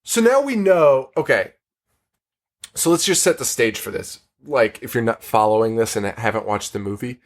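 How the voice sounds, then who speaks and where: A man's voice: mid-range voice, animated, normal speed. A man hosting a podcast, recapping a horror film in casual chat, rambling, swearing and laughing often. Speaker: podcast host.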